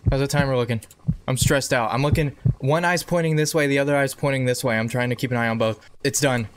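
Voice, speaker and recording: A man giving excitable horror game playthrough commentary, talking back to the game and repeating himself. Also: medium pitch, fast talker. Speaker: gaming video creator. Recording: noticeable background noise.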